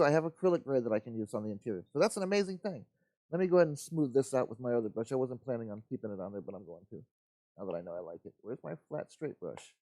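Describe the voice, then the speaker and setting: A man hosts a live model-building show, talking casually as he works. He rambles and mutters to himself in an easygoing, folksy way, at a middle pitch. The sound is dry and close. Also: dark tone, no echo. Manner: rambling, talks to himself while working.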